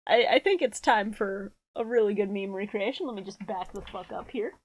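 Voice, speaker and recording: A woman's voice: mid-range voice, brisk, dry recording. A woman co-hosting a casual comedy podcast, swearing freely and laughing through her riffs. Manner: laughing, profane, riffs in silly voices. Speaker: podcast co-host.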